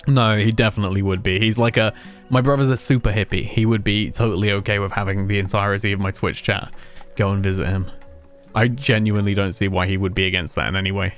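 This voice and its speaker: A man's voice: fairly low pitch, fairly even intonation, fast talker, faint music behind. A man streaming a video game, chatting casually and rambling with his co-host. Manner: chatty, rambling, self-mocking. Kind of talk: casual let's play commentary.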